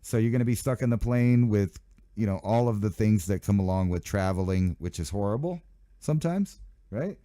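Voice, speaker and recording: A man's voice: fairly low pitch, lively intonation, normal speed, dark tone, dry recording, studio quality. A man hosting his own channel, riffing casually and sarcastically on news headlines. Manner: rambling, sarcastic asides, mock voices of officials. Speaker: channel host.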